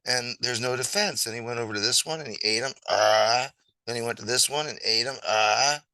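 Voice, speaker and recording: A man's voice: medium pitch, fast, sharp tone, clean tone, no room sound, low-quality recording. A man telling an old fable in a casual, rambling and playful way, with chatty asides as he draws. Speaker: storyteller. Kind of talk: casual fable storytelling while drawing.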